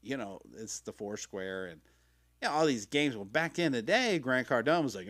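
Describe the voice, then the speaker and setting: A man's voice: fairly low pitch, expressive, normal speed, fairly bright tone. A middle-aged man hosting a podcast, telling his story in a rambling, slangy way, swearing freely and acting out quotes. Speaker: podcast host. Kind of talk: casual personal storytelling. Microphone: podcast mic.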